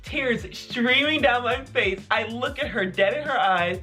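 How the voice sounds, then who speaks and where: A young adult vlogger telling childhood stories in casual, animated chat, full of "like". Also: mid-range voice, unhurried, soft background music. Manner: animated, filler-heavy with frequent "like". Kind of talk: casual storytelling to camera.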